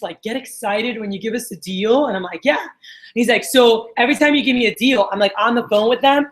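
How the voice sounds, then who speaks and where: A woman sales trainer telling stories to a group, acting out quotes in an animated way. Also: a little high, fairly quick. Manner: animated storyteller, acts out quotes. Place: meeting room with a group. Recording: echoey meeting room.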